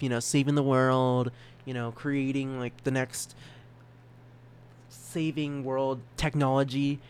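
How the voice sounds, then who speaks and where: A man's voice: medium pitch, smooth. A young man hosting a solo podcast, rambling and giggling at himself, with a stutter. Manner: rambling, giggly, self-mocking. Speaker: podcast host.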